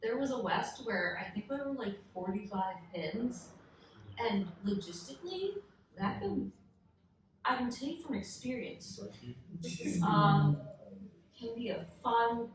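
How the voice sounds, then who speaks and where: A woman's voice: fairly high pitch, big pitch swings, measured pace, long pauses, slight background noise. A woman speaking as a panelist at a convention panel, explaining with many fillers. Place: large convention hall. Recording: echoey hall from far off.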